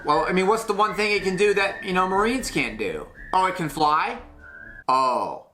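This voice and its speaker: A young man hosting a comedy segment, sarcastic and excitable, swinging from loud to soft in a small studio. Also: high voice, fairly quick, a little hiss or hum. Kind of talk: comedic rant. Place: small studio with blue sheet backdrop.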